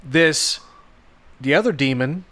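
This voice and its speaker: A high-pitched man co-hosting a casual podcast chat. His voice is bright and swings widely as he tells the story. He swears freely and stumbles over restarts. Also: slow pace. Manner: animated, profane storytelling with stammered restarts. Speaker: podcast co-host. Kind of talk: casual chat recapping an anime film.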